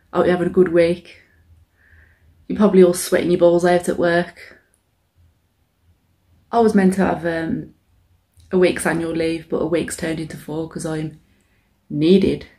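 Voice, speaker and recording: A woman's voice: on the low side, warm tone. A young woman chatting casually and swearing freely while eating on camera. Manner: chatty, sweary and self-mocking. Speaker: mukbang vlogger. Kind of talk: casual eating-show chat.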